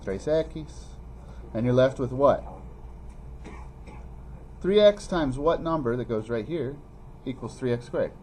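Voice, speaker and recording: Lively man teaching math to a class. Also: takes it slowly, pauses often. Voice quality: animated, pitch jumping high when teasing students. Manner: addresses students by name, playful teasing. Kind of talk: classroom review lesson. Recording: faint classroom noise.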